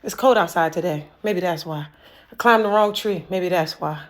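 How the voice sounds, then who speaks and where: A woman performing an improvised spoken word poem, raw and accusing, swinging between hushed lines and forceful ones and repeating words like refrains. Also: on the low side, moderate pace.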